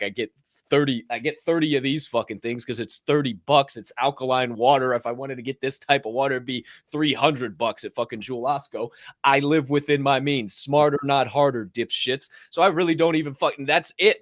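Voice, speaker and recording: A young man co-hosting a podcast, telling stories loudly and swearing freely in casual chat. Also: mid-range voice, no room sound, studio quality. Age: young adult. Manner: loud, animated storyteller, swears freely. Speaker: podcast co-host. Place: podcast studio.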